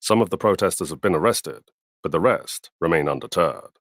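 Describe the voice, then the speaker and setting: A man with a very deep voice reads a scripted news report, formal and steady. The sound is dry and close. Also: brisk, no echo. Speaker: news narrator.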